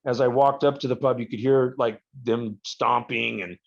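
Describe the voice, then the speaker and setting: A man's voice: medium pitch, fairly even intonation. Man rambling on a dull recording. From United States. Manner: rambling storyteller, halting restarts. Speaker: guest, professional wrestler. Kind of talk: casual podcast interview. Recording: slightly dull lo-fi audio.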